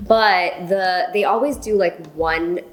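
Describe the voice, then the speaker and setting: A woman's voice: on the low side, takes it slowly, faint music behind, rough recording. A woman co-running a stationery shop, giving news in a casual, rambling, upbeat way and laughing often. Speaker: stationery shop co-owner presenting updates. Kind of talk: casual chatty announcement video.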